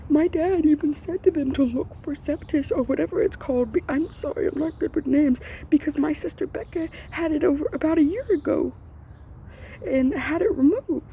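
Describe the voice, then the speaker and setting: A woman's voice: high-pitched, moderate pace, muffled recording, a little hiss or hum. A young woman ranting to camera, upset and grieving, her voice breaking and dropping to whispers. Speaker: vlogger. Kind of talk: emotional rant to camera.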